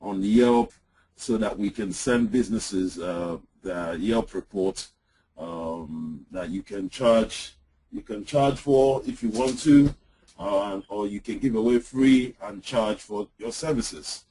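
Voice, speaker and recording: A man presenting software in an online webinar, walking through a screen-share demo with frequent "uh"s and "um"s over a computer mic. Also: fairly low pitch, slow pace, slight background noise, low-quality recording. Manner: hesitant, lots of "uh" and "um". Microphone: computer mic on an online call.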